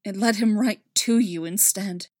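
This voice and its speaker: A worn-out male spy confesses with weary regret, as a woman voices him. The reading is steady and mid-pitched, close and dry. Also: measured pace, dry recording, lightly acted. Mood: remorseful. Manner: tired, apologetic. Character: remorseful male imperial spy, tired.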